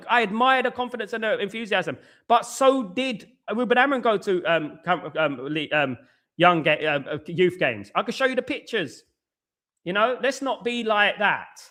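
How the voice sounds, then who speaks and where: A man's voice: high-pitched, expressive, moderate pace, bright, forceful tone. A man hosting a live-stream football talk show, chatting in a repetitive, conversational way and greeting viewers from the chat by name. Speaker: football channel host.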